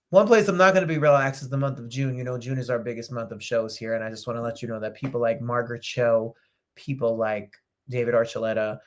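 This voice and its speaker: A man's voice: mid-range voice, fairly bright tone. Gushing middle-aged guy hosting a live show, chatty and emotional. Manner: effusive, emotional, sings snippets. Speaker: host. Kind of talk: casual live show chat.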